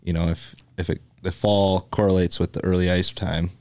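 A man co-hosting a podcast, chatting in a relaxed way about fishing, with frequent restarts. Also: sits low, normal speed, no room sound. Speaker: podcast co-host. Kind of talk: casual chat.

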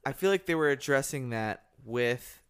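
A man chatting on a podcast, opinionated and quick to swear. His voice is smooth and clear, at an ordinary middle pitch. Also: lively intonation, a bit bright. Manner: opinionated, swears casually, laughs often. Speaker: podcast co-host. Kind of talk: casual chat.

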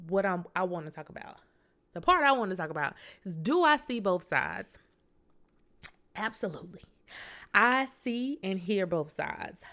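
A woman's voice: mid-range voice, fairly bright tone. A woman, hosting a casual podcast, reading a story aloud, chatting and laughing often. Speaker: podcast host.

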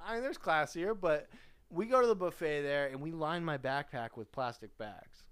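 A man's voice: fairly high pitch, expressive, moderate pace, fairly bright tone, clean tone. A young man hosting a podcast, telling a rambling, profane party story with laughs mixed in. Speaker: podcast host. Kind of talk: casual storytelling.

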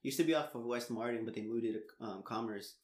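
Animated young man in an echoey room. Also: mid-range voice, quick pace. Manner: animated storyteller, laughs often, swears casually. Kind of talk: casual chat.

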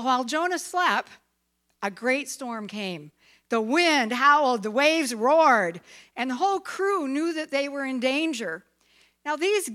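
A woman telling a Bible story for children, lively, dramatic and playful. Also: high voice.

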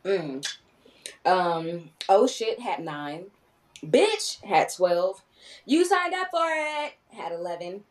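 A woman co-hosts a casual movie review podcast with a low voice. She is animated and swears freely, acting out quoted lines. Her voice sounds set back a little from the microphone. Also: slow pace, recorded from a distance, poor audio. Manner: animated, swearing, quoting herself and others. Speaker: podcast co-host.

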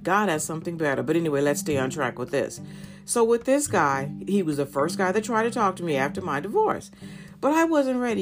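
A candid middle-aged woman talks straight to her listeners on her podcast, sharing dating advice in a lower, fuller voice. Her delivery is animated and frank. Soft guitar music plays behind her. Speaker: podcast host. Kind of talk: personal storytelling and dating advice.

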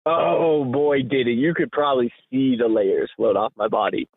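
A man co-hosting a podcast, telling a rambling, animated story in casual chat with frequent laughs. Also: mid-range voice, moderate pace, breathy edge, no room sound. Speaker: podcast co-host. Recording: tinny phone-line sound, dry.

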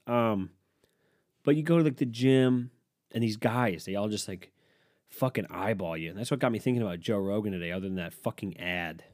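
A man's voice: lowish voice, a little mellow, no echo, studio quality. Sarcastic, swearing man on a podcast. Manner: sarcastic, swears often, reacts to headlines. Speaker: podcast host. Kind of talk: profane solo podcast rant.

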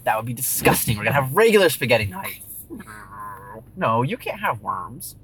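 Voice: mid-range voice, moderate pace, husky, low-quality recording. A person playfully talking one side of a conversation with an imagined companion, patient and teasing in manner. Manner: animated, patient and teasing, like coaxing a child. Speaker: storyteller in a one-sided skit. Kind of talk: playful one-sided dialogue with an unseen zombie friend.

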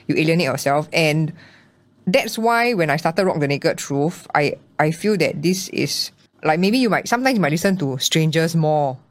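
Animated Singaporean woman, low voice. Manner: animated storytelling with acted-out quotes. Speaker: podcast guest. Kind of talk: candid personal interview.

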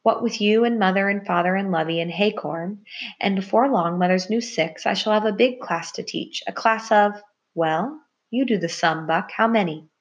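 A woman voicing a clever female mouse who teaches, speaking in a brisk, teacherly manner. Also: mid-range voice, lo-fi sound, lightly acted.

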